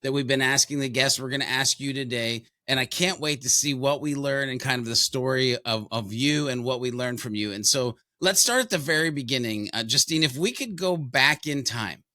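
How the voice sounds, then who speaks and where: A man's voice: medium pitch, normal speed, hardly any pauses, pushed and bright, no room sound. An American man hosting a podcast, talking in an upbeat, enthusiastic, folksy way. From United States. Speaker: podcast host. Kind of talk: casual podcast chat.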